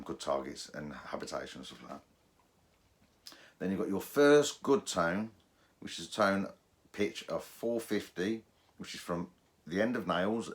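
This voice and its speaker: A man casually explaining how to set up a metal detector, chatty and down to earth. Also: low voice. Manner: chatty, restarts and fillers, mimics detector tones.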